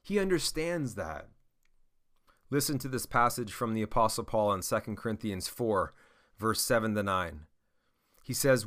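A man's voice: fairly low pitch, bright, forceful tone. A man giving an earnest, encouraging devotional sermon to other men, often asking "amen?". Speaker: preacher to men.

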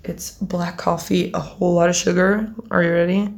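A woman's voice: on the low side, flat delivery, moderate pace, gravelly, slight background noise. A teenage girl chatting casually to camera as a vlogger, rambling, giggling often and swearing offhandedly. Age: teens.

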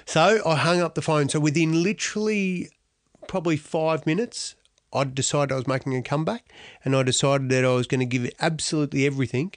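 Animated Australian man telling a story. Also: fairly high pitch, fairly quick, no room sound, studio quality. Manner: animated, slangy, self-deprecating storyteller. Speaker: former Paralympic athlete. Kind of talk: storytelling talk.

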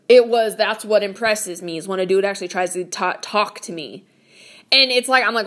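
Still venting about the guy, she tells the story bluntly with nonstop swearing and plenty of "like." Here her medium-pitched, slightly bright voice moves fairly quickly.

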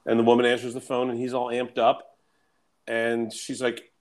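A man who works as a coach, telling a story in casual chat, animated, swearing, and acting out the people he quotes. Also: mid-range voice, normal speed.

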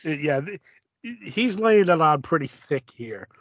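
A man's voice: on the high side, very animated, a little slow, a bit bright, no room sound, lo-fi sound. A man co-hosting a casual chat about comic books, making dry, wry remarks. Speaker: podcast co-host.

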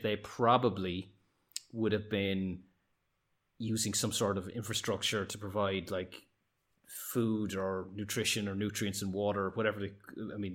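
A man's voice: on the low side, a bit bright. A man in a casual film discussion, explaining his ideas and thinking aloud.

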